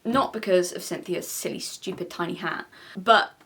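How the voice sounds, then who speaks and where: A woman's voice: lowish voice, moderate pace, gravelly, a bit bright. A woman YouTuber giving sarcastic, exasperated commentary on celebrity press tours. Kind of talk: commentary vlog.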